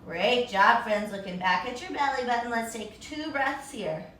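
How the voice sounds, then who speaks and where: A kids' yoga teacher guides a children's class in a high, bright, playful sing-song voice, sounding full of encouragement. She speaks at normal speed, far from the mic in a very echoey room, with a little hiss or hum in the background.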